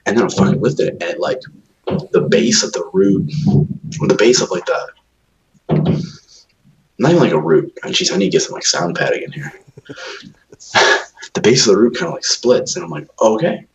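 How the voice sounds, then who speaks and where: A man's voice: low-pitched, lively intonation, moderate pace, pauses often, lo-fi sound. A man co-hosting a podcast, telling rambling, profanity-laced stories in casual chat. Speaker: podcast co-host.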